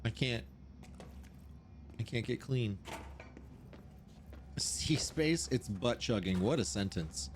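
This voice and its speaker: A man's voice: medium pitch, lively intonation, takes it slowly, long pauses, slight background noise. A male streamer joking and reacting aloud during live gameplay commentary, reading in-game notes between quips.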